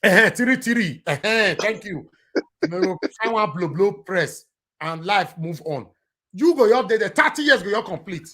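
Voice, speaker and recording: A man's voice: high voice, expressive, unhurried, a bit bright. A man with a Nigerian accent hosting a casual political livestream with callers, impassioned and pleading, mixing in Pidgin English. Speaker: livestream political show host.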